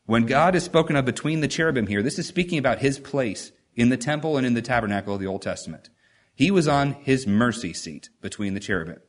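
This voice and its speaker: A man's voice: medium pitch, expressive, fast. A man preaching a sermon, reading scripture and asking the congregation rhetorical questions with strong emphasis.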